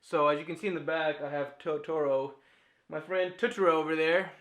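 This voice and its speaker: Candid man vlogging, a bit high-pitched. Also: fairly even intonation, fairly quick, fairly bright tone. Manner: open and reflective, with frequent laughs and fillers. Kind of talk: candid personal vlog talk.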